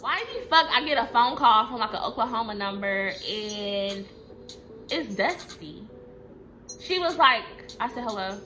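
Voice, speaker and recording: A young woman telling a casual storytime, profane, emphatic and animated. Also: fairly high pitch, unhurried, soft background music.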